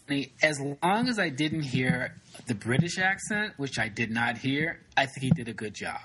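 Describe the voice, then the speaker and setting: A man's voice: medium pitch, lively intonation, normal speed, pushed and bright, a little hiss or hum, poor audio. A man chatting casually about acting, thoughtful and a little hesitant.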